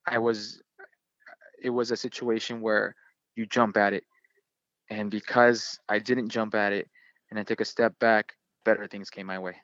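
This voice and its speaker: A man's voice: on the low side, fairly bright tone, no room sound, highs cut off. A man in his thirties, a soccer player, animatedly telling a story in an interview with lots of fillers. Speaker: guest, professional soccer player.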